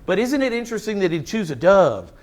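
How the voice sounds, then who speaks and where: A man's voice: high-pitched, very animated, brisk, darkish tone. A man pastor preaching a sermon, emphatic, repeating words for stress and asking the congregation questions.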